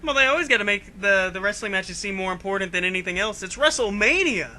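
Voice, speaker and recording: A man's voice: high voice, lively intonation, fast, sharp tone. A man co-hosting a casual wrestling review, jumping in eagerly with comments. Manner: eager, jumps in to add comments. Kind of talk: casual chat recap. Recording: home recording with faint noise. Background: thunderstorm noise.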